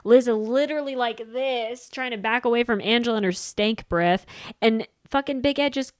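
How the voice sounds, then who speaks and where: A woman co-hosting a podcast in casual chat, frank and profane, quick to agree with her co-host. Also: fairly high pitch, clean tone, dry recording, studio quality. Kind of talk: casual reality TV recap chat.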